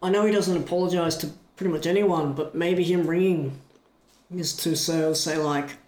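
A man retelling a story in a casual chat, animated and full of restarts. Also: fairly high pitch, moderate pace. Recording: echoey room.

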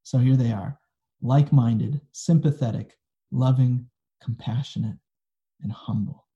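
A man's voice: medium pitch, fairly even intonation, a little slow, warm tone, muffled recording. A man, a pastor, preaching a sermon in a conversational, folksy storytelling manner, recorded for an online video.

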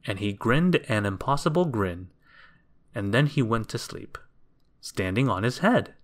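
A man reading a children's storybook aloud in a gentle, expressive, unhurried way. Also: fairly low pitch.

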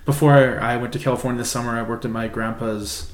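A man's voice: medium pitch, steady tone, fast, roomy sound. A man co-hosting a podcast in casual chat, telling a story, swearing freely and laughing as he goes. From Canada. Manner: swears freely, laughs through his stories. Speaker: podcast co-host.

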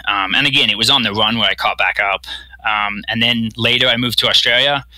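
Bright rambling man from Bermuda. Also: fairly low pitch, steady tone, a little fast, no echo, poor audio. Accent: American-tinged. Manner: rambling, repeats words, acts out quotes. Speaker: guest, professional triathlete. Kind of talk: casual storytelling interview.

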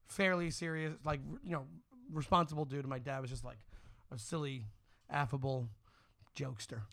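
A man's voice: medium pitch, fairly even intonation, normal speed, a bit bright, dry recording, studio quality. A man in casual comedic podcast chat, telling rambling stories full of restarts and laughter. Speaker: podcast co-host or guest.

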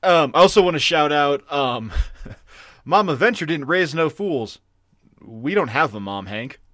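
A man's voice: fairly high pitch, expressive, measured pace, fairly bright tone, no room sound, studio quality. A man co-hosting a podcast, rambling loosely and laughing as he talks through his favorite moments. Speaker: podcast co-host. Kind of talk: casual chat.

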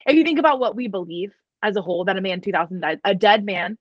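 A woman guest in a casual faith conversation, talking in a jokey, lively, self-deprecating way. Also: medium pitch, quick pace, no echo, highs cut off. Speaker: guest, online comedian.

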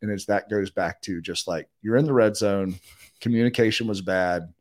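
A middle-aged man, a guest in a podcast interview, telling a long story in a casual, animated way and acting out what other people said. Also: fairly low pitch, normal speed. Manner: animated, acts out quotes of others.

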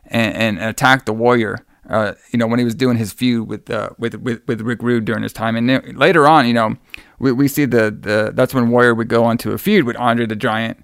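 A man's voice: medium pitch, steady tone, fairly quick, vocal fry, clean tone, no echo, studio quality. A man hosting a casual podcast chat, enthusiastic, rambling and profane. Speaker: podcast host.

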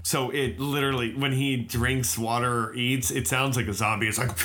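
A podcast co-host rambling animatedly in casual chat about a video game, often acting out quick voices. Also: mid-range voice, gravelly, background noise.

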